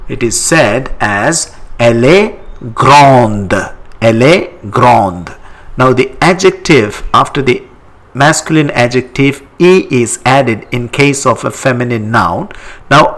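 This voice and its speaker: Male language teacher with an Indian English accent. Unhurried delivery, very expressive pitch, says each example twice. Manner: repeats each phrase twice, deliberate. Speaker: French teacher. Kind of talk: language lesson.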